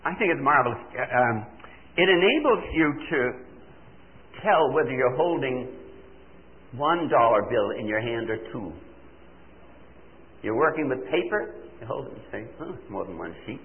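An older man preaching a sermon, animated and full of rhetorical questions, playing out his listeners' answers himself. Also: medium pitch, moderate pace, long pauses. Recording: tinny phone-like recording.

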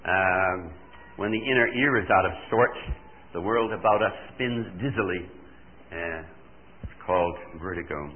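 An older man preaching a sermon, animated and full of rhetorical questions, playing out his listeners' answers himself. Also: sits low, measured pace, slight background noise. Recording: tinny phone-like recording.

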